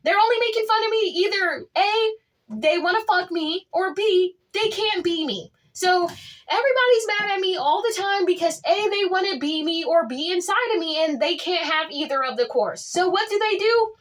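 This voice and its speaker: A woman with a strikingly high voice tells a storytime to her viewers. She talks boldly and boastfully, leaping up and dropping low for drama. Her delivery stays casual and chatty throughout. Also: expressive, normal speed, fairly bright tone. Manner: dramatic, swings pitch up and down; outspoken and boastful. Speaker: vlogger.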